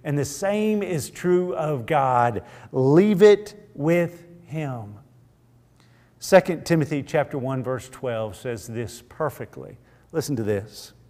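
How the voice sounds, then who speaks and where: A man's voice: medium pitch, lively intonation, darkish tone, in a large hall. A man teaching an evening church Bible class in an earnest, emphatic way. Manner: earnest, emphatic, slow and deliberate.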